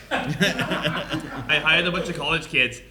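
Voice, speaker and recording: A man in his late twenties, a guest in casual live podcast chat, bantering wryly and deadpan. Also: fairly high pitch, slow pace, noisy background. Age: 20s.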